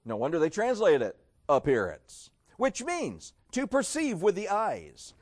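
A man preaching a sermon in an emphatic, sarcastic way, dropping to a hush and then rising again. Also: high voice, huge pitch swings, a little slow. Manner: emphatic, sarcastic, swings between loud and hushed.

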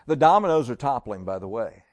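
A male preacher delivers an evening sermon with dramatic storytelling. He reads old-style scripture with weight, pushes key lines loud, then drops to slow, quiet phrases. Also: medium pitch, very animated. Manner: reads King James verses aloud, dramatic storytelling; swings between loud emphasis and quiet, slowed lines.

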